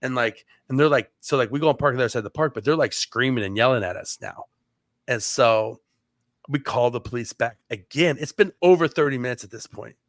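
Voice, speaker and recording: A man's voice: mid-range voice, a little fast, no echo, clean studio sound. A man on a podcast telling a long story casually, with many "like" fillers and restarts. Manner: rambling, heavy on "like" fillers and restarts. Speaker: podcast co-host.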